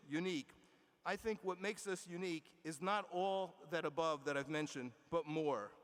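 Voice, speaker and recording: A man delivering a formal commencement address from a podium in a large indoor arena, measured and emphatic, with small restarts and asides. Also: a little high, a bit bright. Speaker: university leader giving commencement address. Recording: long arena reverb.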